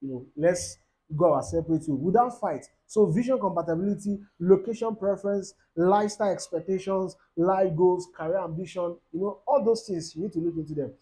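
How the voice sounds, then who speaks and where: High-voiced Nigerian preacher. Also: male voice, brisk, poor audio. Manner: lively preaching, mixes in pidgin, acts out quoted voices, laughs. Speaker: pastor. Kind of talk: sermon.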